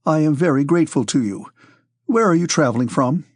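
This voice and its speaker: A man's voice: fairly high pitch, expressive, a little fast, a little mellow, dry recording, studio quality. A man voicing a timid young male count who talks with hesitant, forced politeness in an audiobook. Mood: timid, polite. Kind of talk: audiobook character reading.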